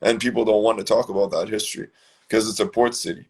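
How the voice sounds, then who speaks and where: A man's voice: lowish voice, fast talker, breathy edge. A man hosting a casual talk show from his own room, telling a rambling story with plenty of swearing. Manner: rambling, profane, animated storytelling. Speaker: show host.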